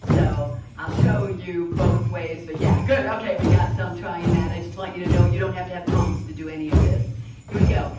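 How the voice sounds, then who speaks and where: An energetic woman teacher leads a rhythm workshop, calling out cues to a room full of participants. Her voice sounds distant and bounces around a very echoey hall. Loud drumming and music play behind her. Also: fairly low pitch, normal speed. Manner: energetic, calls out prompts and cues to a group. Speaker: music educator leading a workshop. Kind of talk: interactive workshop instruction. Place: large conference workshop room. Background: hand drums and group playing.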